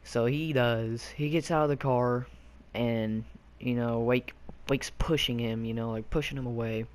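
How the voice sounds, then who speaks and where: A man's voice: medium pitch, fairly even intonation, measured pace, clean tone. A young man from Arkansas telling a childhood story casually, rambling with lots of fillers and loose slang. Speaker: YouTube storyteller.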